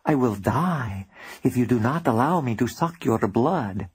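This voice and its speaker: A man's voice: medium pitch, lively intonation, unhurried, darkish tone, breathy edge. A man voicing a polite, theatrical male vampire in an audiobook, pleading in formal, stiff speech. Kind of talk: audiobook character reading.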